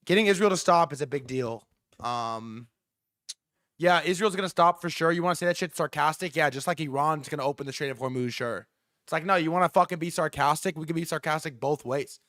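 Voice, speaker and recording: A man hosting a live stream, reacting to news in excitable, profane commentary and repeating words in rapid bursts. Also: fairly high pitch, no room sound, studio quality. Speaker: livestream host.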